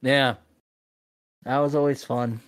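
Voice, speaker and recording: A man's voice: medium pitch, steady tone, takes it slowly, no room sound, studio quality. A man hosting a casual podcast, rambling easily and laughing often. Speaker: podcast host. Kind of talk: casual chat.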